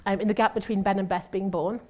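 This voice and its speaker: A woman's voice: mid-range voice, steady tone, fast, a little mellow. Woman telling a chatty testimony. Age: 50s. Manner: chatty, self-mocking storytelling with laughs and asides. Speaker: church speaker and former nurse. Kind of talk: testimony sermon to a congregation.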